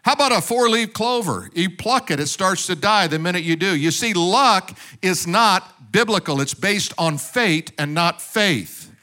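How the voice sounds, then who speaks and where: A male pastor delivers a sermon in a high, bright voice. He presses his points with rhetorical questions and calls for amens, and he drops joking asides to the congregation along the way. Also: animated, a little slow, hardly any pauses.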